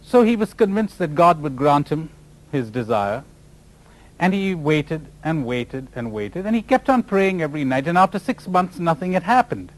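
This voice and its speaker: Animated spiritual teacher telling stories. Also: male voice, fairly high pitch, normal speed, poor audio. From India. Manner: animated storyteller, laughs at own jokes. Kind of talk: spiritual lecture with storytelling.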